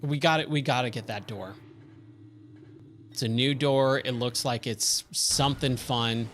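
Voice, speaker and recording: A man's voice: mid-range voice, measured pace, a bit bright, slight background noise. A man giving casual, rambling commentary as he streams a game, thinking aloud and wandering off into tangents. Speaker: gaming streamer.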